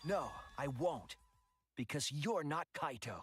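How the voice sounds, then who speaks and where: Young detective: firm, declarative, lively pitch. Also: male voice, slow, soft background music.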